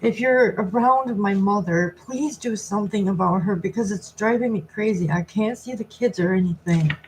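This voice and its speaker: A woman tarot reader on a live stream, talking softly and reflectively as she passes on messages from a spirit. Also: mid-range voice, moderate pace. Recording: noisy recording with clicks.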